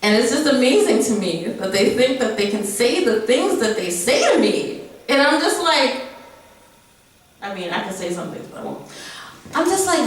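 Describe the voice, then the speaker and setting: A young woman performing spoken word and stories at an open mic, candid and blunt, laughing often and acting out sharp back-and-forth dialogue. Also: fairly high pitch, lively intonation, normal speed, a little hiss or hum. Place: venue room at an open mic. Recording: very echoey room, mic at a distance.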